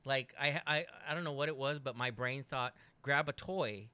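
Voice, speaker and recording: A man co-hosting a podcast, telling a story in casual chat, animated and laughing often with rambling restarts. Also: medium pitch, fairly quick, smooth, no echo. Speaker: podcast co-host.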